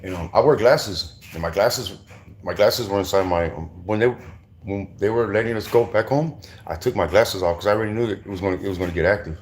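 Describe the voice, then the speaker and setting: With a low voice and a slightly fast delivery, a middle-aged Southern California man recounts his prison days in casual, profane street slang riddled with restarts. There's a bit of hiss or hum in the clip.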